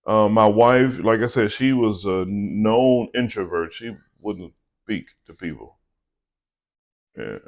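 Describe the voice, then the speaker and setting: Middle-aged man, low voice, earnest encouraging vlog devotional, casual and conversational. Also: slow pace. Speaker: vlogger and small business owner.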